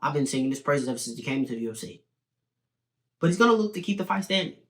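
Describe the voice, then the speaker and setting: A young man giving opinionated, animated fight predictions in a casual video commentary. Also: a little high. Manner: opinionated, animated, talks in quick bursts with restarts. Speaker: sports betting and fight prediction host.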